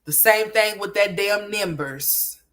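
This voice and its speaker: A woman's voice: mid-range voice, slow pace, fairly bright tone. Sassy scolding woman commentary host. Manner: sassy, scolding, addresses people as girl. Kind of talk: casual commentary rant.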